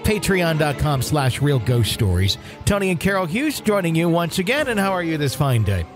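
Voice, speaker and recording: A man's voice: on the high side, very animated, moderate pace, soft background music. A man co-hosting a paranormal podcast, chatting casually with dry jokes. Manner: joking, dry humor. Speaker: podcast co-host.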